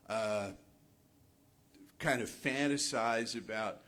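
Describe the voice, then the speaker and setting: A male minister giving a sermon in a spiritual center, asking his listeners rhetorical questions in a measured, reflective way. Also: mid-range voice, lively intonation, a bit bright.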